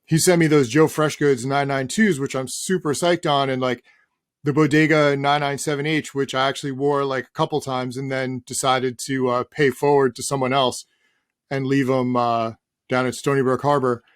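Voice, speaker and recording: A man's voice: mid-range voice, level tone, normal speed, no echo. Middle-aged male guest, loose and rambling, casual swearing, dry recording. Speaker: guest, sneaker journalist. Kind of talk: casual interview chat.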